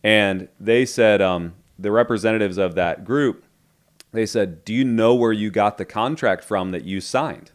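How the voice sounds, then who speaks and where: A man's voice: fairly low pitch, a little slow. A middle-aged man, a podcast guest, candidly retelling a business story and acting out the dialogue. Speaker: entrepreneur guest.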